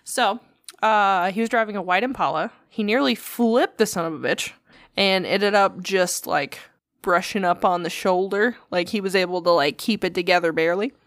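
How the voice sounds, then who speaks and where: This podcast co-host speaks at a normal speed in a mid-range, fairly bright voice. She's chatty and swears freely as she narrates a story, performing each quote herself. The sound is clean studio quality without echo.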